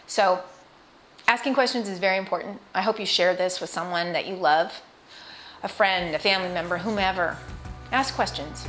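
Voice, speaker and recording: Over soft background music, a middle-aged woman with a lowish, slightly bright voice speaks at a moderate pace. She is vlogging to camera about her cancer, earnest and emotional, often restarting and making asides to viewers.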